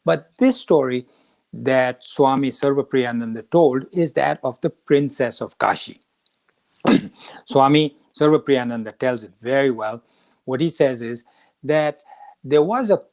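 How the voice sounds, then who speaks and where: A man hosting a talk on the Gita, telling a story and acting out the quoted lines with lively shifts of voice. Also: mid-range voice. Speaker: podcast host teaching the Gita.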